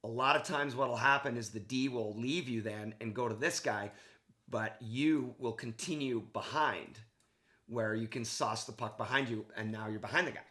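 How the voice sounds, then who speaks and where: A man's voice: mid-range voice, normal speed, bright, forceful tone. A man coaching hockey, talking a player through game footage in a casual, enthusiastic way, checking in often with "okay". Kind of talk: video game analysis for a player.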